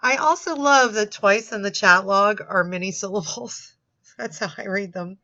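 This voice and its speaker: A woman's voice: medium pitch, moderate pace, bright, forceful tone. A woman giving comic, sardonic commentary on a chat log, with laughing asides, on a dull lo-fi recording.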